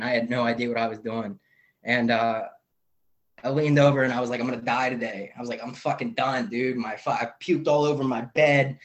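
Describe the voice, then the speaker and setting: A man's voice: medium pitch, a bit bright. A young man at a recovery meeting on a video call, telling his story candidly and at length, with many fillers and asides. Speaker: AA meeting member sharing. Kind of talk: personal recovery share.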